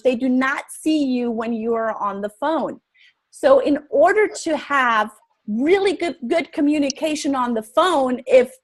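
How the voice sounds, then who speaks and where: A woman leads a live webinar class. Her voice sits a little high, and she keeps the pace energetic, throwing questions at her listeners as she teaches. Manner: energetic, asks the audience questions. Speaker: webinar presenter.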